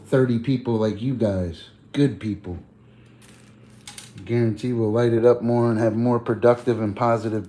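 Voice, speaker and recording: A man's voice: medium pitch, warm tone. Rambling slangy man livestreaming. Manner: rambling, slangy, laughs often. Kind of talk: casual livestream chat.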